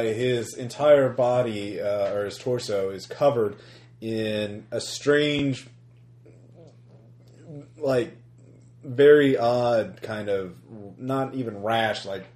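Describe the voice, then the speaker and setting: A man's voice: lowish voice, takes it slowly, darkish tone, reverberant. A man narrating a tabletop horror game as game master, talking in a hesitant way with many fillers and restarts.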